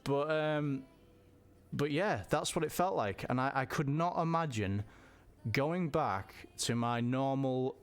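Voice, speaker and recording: A man telling a personal story in a halting way, often repeating words and restarting. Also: mid-range voice, smooth, faint music behind. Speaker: vlogger.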